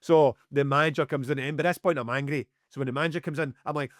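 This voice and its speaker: A man's voice: a little high, fast, no room sound, studio quality. Scottish man, sweary raised voice. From Scotland. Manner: animated, heavy swearing, acts out dialogue. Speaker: podcast co-host, music promoter. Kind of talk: casual storytelling chat.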